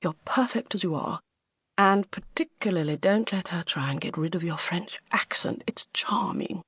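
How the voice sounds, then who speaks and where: Audiobook: woman voicing a kindly, overprotective middle-aged man, quiet and gentle. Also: high voice, normal speed, breathy edge, no echo, clean studio sound, exaggerated voice. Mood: reassuring.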